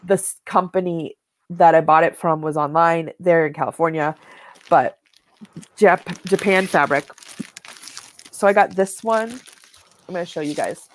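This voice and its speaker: A woman's voice: on the low side, unhurried, long pauses, a little hiss or hum. A woman co-hosting a knitting show, chatting casually and showing yarn and fabric to the camera, rambling with many "like"s and "um"s.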